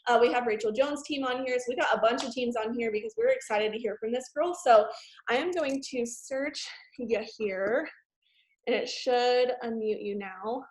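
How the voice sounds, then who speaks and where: A woman hosting a team video call, introducing a guest in a bubbly, excitable way and gushing with praise. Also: a little high, moderate pace, roomy sound, slight background noise.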